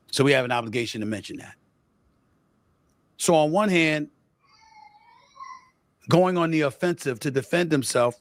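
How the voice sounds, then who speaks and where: A man giving measured spoken commentary, deliberate and weighing both sides of a case. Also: on the high side, fairly bright tone, dry recording. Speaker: sports show producer.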